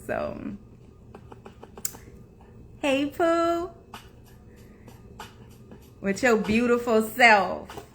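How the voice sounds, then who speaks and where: A woman's voice: medium pitch, fairly bright tone. A young adult woman hosting a casual livestream, chatting to viewers, laughing often and greeting them by name. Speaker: livestream host.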